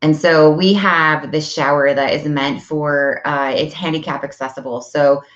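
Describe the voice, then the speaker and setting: Woman host, low voice, chatty parenting talk, dull lo-fi recording. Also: steady tone, a little slow, echoey room. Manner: chatty, acts out dialogue with her kids. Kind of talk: casual chat. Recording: dull lo-fi audio.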